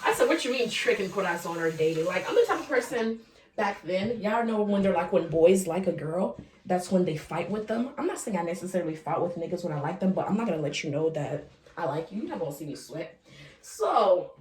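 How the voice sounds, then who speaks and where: A woman's voice: fairly low pitch, lively intonation, a little fast, a little mellow, recorded from a distance. A young woman telling a casual storytime to her viewers, frank and chatty, swearing freely and talking straight to the audience. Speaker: vlogger. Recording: roomy sound from the mic.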